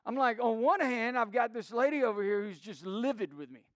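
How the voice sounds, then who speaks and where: High-voiced pastor telling stories. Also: male voice, animated, a little fast, fairly bright tone, no room sound. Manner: storytelling with many restarts and acted quotes. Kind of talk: sermon.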